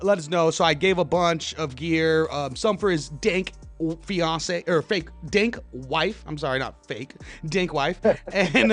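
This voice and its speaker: A man's voice: a little high, fairly bright tone. A young man co-hosting a radio show, telling stories in a laid-back, slangy way and laughing often. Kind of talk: casual chat.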